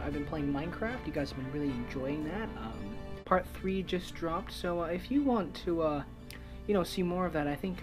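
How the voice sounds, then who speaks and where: A woman giving casual let's-play commentary, hesitant and full of fillers. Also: deep voice. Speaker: gamer.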